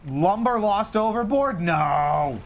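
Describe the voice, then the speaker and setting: Talking to himself during a live game stream, a man jokes about his blunders, sounding animated, jokey and self-mocking in his casual commentary. He has a high-pitched voice and takes it slowly, with a little hiss or hum in the audio.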